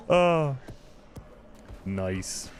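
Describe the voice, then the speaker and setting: A man streaming a video game live, chatting in excitable, rambling asides about what he sees. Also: medium pitch. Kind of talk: live gameplay commentary. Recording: over game music.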